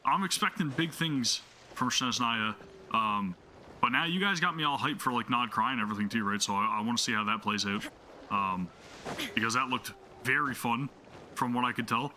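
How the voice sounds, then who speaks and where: A man's voice: medium pitch, moderate pace, sharp tone, slight background noise. A man hosting a gaming channel, chatting casually with enthusiasm while he plays, rambling with lots of fillers. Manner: rambling, full of fillers and restarts. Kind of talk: casual gameplay commentary.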